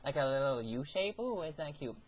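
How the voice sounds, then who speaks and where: A man's voice: on the high side, lively intonation, fairly quick, breathy edge, low-quality recording. A teenage guy vlogging a story about a summer job, in a sassy, profane, theatrical way. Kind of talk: ranting personal storytelling.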